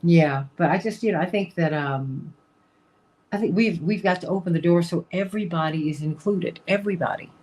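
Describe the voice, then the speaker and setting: A woman's voice: lowish voice, fairly quick, darkish tone. A woman hosting a talk show, talking casually and emphatically, repeating her points and laughing often.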